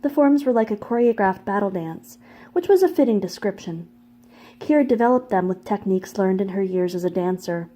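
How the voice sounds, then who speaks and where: Reading a fantasy novel aloud, a female audiobook narrator keeps a steady, even storybook rhythm through the scripted text. She speaks at a middle pitch, her voice mellow and warm.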